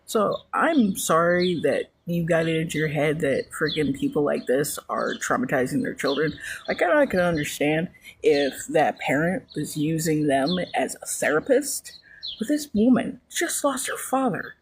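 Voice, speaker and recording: A woman's voice: deep voice, very animated, moderate pace, a little hiss or hum. A mother speaking to camera in an emotional, earnest and rambling way about her own experience. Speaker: mother sharing a personal story. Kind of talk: personal video monologue.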